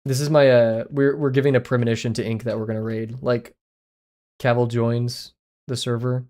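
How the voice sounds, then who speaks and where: A man's voice: medium pitch, little pitch movement, normal speed, warm tone. A man livestreaming while he draws, chatting in a rambling, self-deprecating way. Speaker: livestreaming artist. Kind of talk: casual livestream chat while drawing.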